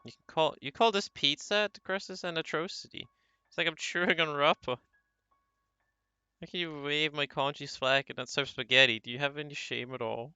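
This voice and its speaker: Man voicing a haughty, money-driven husband in a game; bright, forceful tone, dull lo-fi capture. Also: mid-range voice, expressive, moderate pace, no echo. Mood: disdainful. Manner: arrogant, fussy lecturing. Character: proud wealthy young husband, blunt and greedy.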